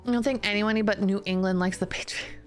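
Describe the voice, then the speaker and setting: A woman's voice: medium pitch, fairly even intonation, a little fast, soft background music. A woman streamer chatting casually with her viewers in a giggly, self-deprecating way, often restarting her sentences.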